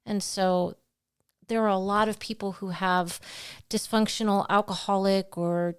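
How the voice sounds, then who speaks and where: An earnest woman talks on a Christian podcast, retelling her own family struggles with real feeling. Her pitch sits in the middle of the usual range, and she slips into other voices when quoting people. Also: a little slow, clear, resonant tone. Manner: earnest, heartfelt, animated retelling. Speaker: podcast co-host. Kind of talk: faith conversation, personal storytelling.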